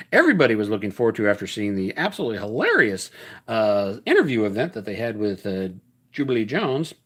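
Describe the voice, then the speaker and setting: A man's voice: a little high, creaky. A man hosting a solo tabletop wrestling game, commenting in a jokey ring-announcer style and often chuckling and correcting himself.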